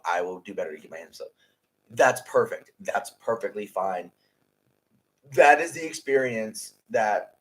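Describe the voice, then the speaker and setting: A man's voice: on the low side, poor audio. Blunt, profane man ranting on a podcast. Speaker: podcast co-host and haunted house scare actor. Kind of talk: casual podcast chat.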